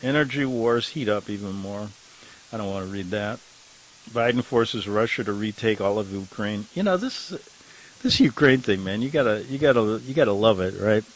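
A man's voice: fairly low pitch, expressive, moderate pace, a little hiss or hum, low-quality recording. An older man hosting a talk radio show, rambling and sarcastic, chuckling at his own remarks and fighting a slight cough. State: has a cough.

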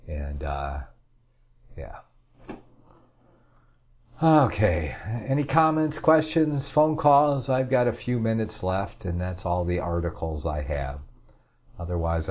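A man's voice: low voice, animated, takes it slowly, darkish tone. A man hosting a talk show, rambling through the news with casual, sarcastic asides. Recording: dull lo-fi audio.

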